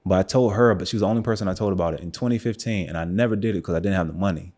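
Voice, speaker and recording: A young adult man from the United States, a photographer guest on a podcast, telling a personal story in a relaxed casual way with lots of fillers like "um" and "like". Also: deep voice, rapid-fire.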